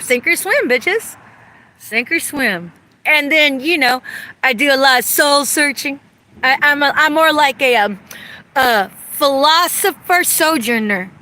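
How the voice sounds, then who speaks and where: High, bright-voiced woman ranting profanely. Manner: profane, angry, accusatory. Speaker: vlogger. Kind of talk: ranting vlog monologue. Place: outdoors.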